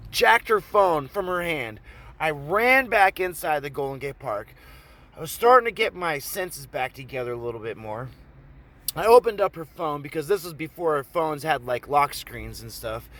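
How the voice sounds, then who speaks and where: Male vlogger from Oregon, casual rambling storyteller, cusses freely, slightly high voice. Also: normal speed. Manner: rambling, profane, animated retelling. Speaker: vlogger telling a personal story.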